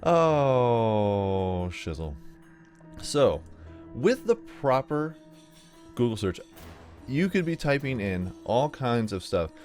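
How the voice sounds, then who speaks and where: A man's voice: medium pitch, very animated, takes it slowly, long pauses, a little mellow, soft background music. A young man chatting casually and rambling through a puzzle game, joking at himself. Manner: chatty, rambling, self-mocking. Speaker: gaming video host. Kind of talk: casual let's play commentary.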